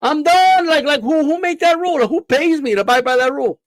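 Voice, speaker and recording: Hosting a boxing live stream, a man rants defiantly and swears, frequently stammering, restarting, and repeating himself. His voice is extremely high-pitched and fast, and the recording is dry.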